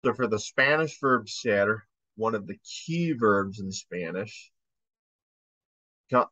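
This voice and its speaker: This lo-fi home recording, dull but without echo, features a man with a fairly low, animated and sharp-toned voice. He teaches a casual language lesson at a slow pace, reciting conjugations aloud and correcting himself partway through sentences.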